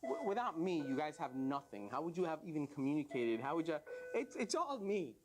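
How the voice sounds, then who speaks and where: A man's voice: fairly high pitch, big pitch swings, fairly quick, over music, voice pushed down. A man voicing a boastful, swaggering talking tongue in a comic story. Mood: dismissive. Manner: swaggering, teasing.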